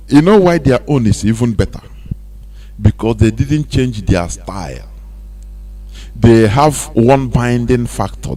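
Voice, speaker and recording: With a mellow, medium-pitched voice, a Nigerian-accented man hosts a radio show from the studio. His monologue is impassioned and preachy, built on rhetorical questions, and slides into sing-song emphasis.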